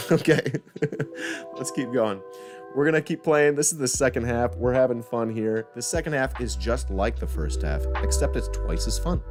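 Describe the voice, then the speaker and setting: A man's voice: on the low side, moderate pace. A man hosting a live-stream trivia game in a casual, joking way, rambling and correcting himself as he goes. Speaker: trivia host. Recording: music playing behind the voice.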